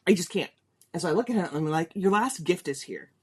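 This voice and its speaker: A woman's voice: lowish voice, expressive, fast, slightly rough. A middle-aged woman hosting a podcast, telling a personal story in a chatty, candid way. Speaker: podcast host.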